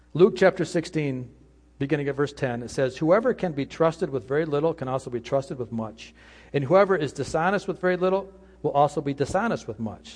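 A man's voice: a little high, a little mellow. A man preaching an earnest sermon as pastor, sometimes voicing imagined speakers.

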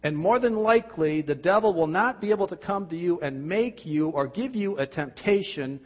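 A man preaching a sermon, asking emphatic rhetorical questions and dropping at times to quiet, intense tones. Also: lively intonation, moderate pace. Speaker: pastor. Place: church. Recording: dull, boomy hall sound.

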